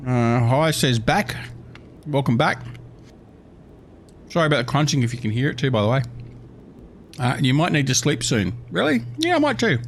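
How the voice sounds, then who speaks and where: An Australian man hosts a relaxed livestream at a middling pitch. He rambles from topic to topic, cracks jokes and reads viewers' messages aloud, with a faint hiss underneath. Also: normal speed, pauses often. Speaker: livestream host. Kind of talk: casual livestream chat.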